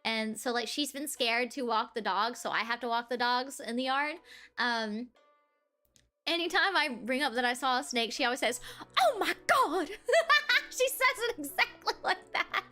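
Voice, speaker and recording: A woman's voice: a little high, expressive, moderate pace, bright, forceful tone, soft background music. A young woman from the southern United States streaming, chatting casually with giggles. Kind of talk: casual chat.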